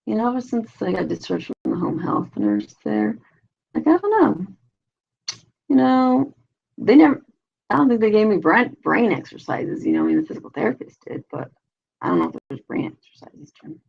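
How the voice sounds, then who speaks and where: A woman's voice: mid-range voice, expressive, moderate pace, gravelly. A middle-aged woman hosting a live stream, chatting in a slangy, rambling way with lots of fillers and casual swearing. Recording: dull lo-fi live-stream audio.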